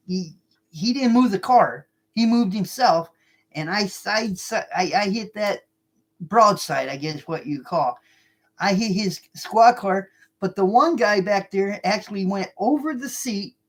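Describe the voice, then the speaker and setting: A former cab driver casually telling a story to truckers. The speaker talks in an animated way, repeating lines and restarting sentences. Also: mid-range voice. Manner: animated, repeats lines and restarts while retelling a tense event.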